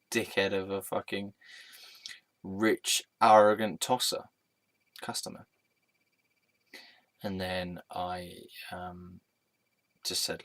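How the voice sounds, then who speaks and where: A man's voice: low-pitched, a bit bright. A man telling a personal story in a rambling, sweary way, full of filler words.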